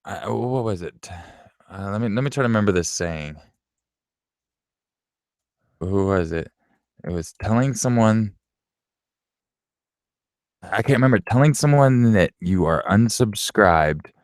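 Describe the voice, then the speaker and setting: YouTuber, late 20s man; low gravelly voice, dry close sound, blunt casual Q&A. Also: darkish tone, no room sound. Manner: blunt and offhand, swears, laughs often. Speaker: YouTuber answering viewer questions. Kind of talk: casual Q&A chat.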